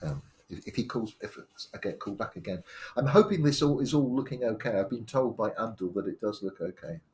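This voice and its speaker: A man's voice: fairly low pitch, animated, a little fast, darkish tone. A man, telling his life story live, rambling with many fillers and restarts. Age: 60s. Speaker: storyteller sharing his memoir.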